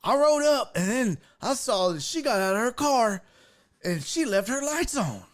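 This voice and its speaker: A man impersonating a slow, aloof older Southern man in a comic story. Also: very high-pitched, big pitch swings, voice pushed up. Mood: drawling. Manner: drawling, dim and unhurried.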